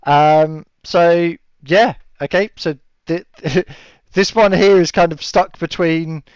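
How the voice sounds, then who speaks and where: A man's voice: fairly high pitch, fairly even intonation, slow pace, smooth, no echo. A man running a tabletop game as game master, chatting casually with fillers and laughing asides. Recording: dull lo-fi audio with a dry sound.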